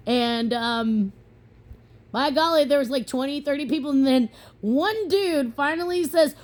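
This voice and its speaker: A woman's voice: on the high side, a little mellow. A young woman from the American Midwest talking casually to camera, chatty and sassy, telling stories with playful asides. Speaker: vlogger. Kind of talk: casual opinion monologue.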